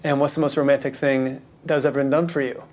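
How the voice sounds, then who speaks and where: A woman interviewer asking quick-fire questions, upbeat and lively, speaking outdoors. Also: rumbling low, a little hiss or hum. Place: outdoors in countryside.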